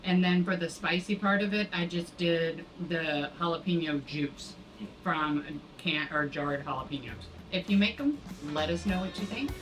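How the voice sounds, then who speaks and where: A woman co-hosting a cooking show, explaining each step in a relaxed, casual way. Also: lowish voice, normal speed, soft background music, poor audio.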